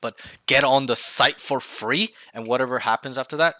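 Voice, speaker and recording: Over voice chat, this man coaches a single student in a game, medium-pitched and at normal speed, with no room sound. He's emphatic, keeps asking "right?" to check understanding, and performs loud team callouts.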